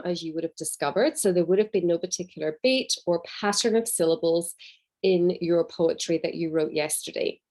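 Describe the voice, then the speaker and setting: A woman teacher giving a recorded lesson to pupils, in a gentle, encouraging way with clear enunciation. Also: on the low side.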